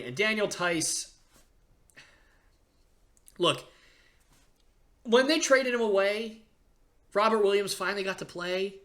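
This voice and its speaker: A young man hosting a casual sports podcast, ranting excitedly with frequent fillers and restarts. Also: on the high side. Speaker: podcast host.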